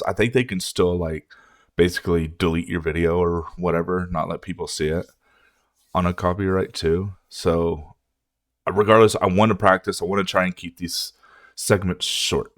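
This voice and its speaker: A man's voice: low voice, dry recording, studio quality. A man hosting a music reaction video, ranting in a casual, profane way.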